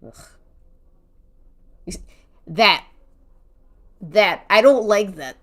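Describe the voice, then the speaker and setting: A woman's voice: medium pitch, lively intonation, drawn-out words, bright, forceful tone. A woman streaming while she draws, chatting casually, rambling and thinking aloud, with casual swearing. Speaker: art streamer.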